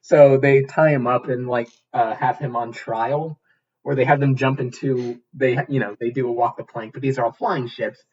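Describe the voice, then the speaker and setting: A sarcastic man riffing through a bad-movie recap, his voice a little husky and breathy. He rambles, swears freely and fills gaps with "uh". The sound is dull and lo-fi, like a home podcast. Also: mid-range voice, fairly even intonation, moderate pace, darkish tone. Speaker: podcast co-host. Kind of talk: casual comedic chat.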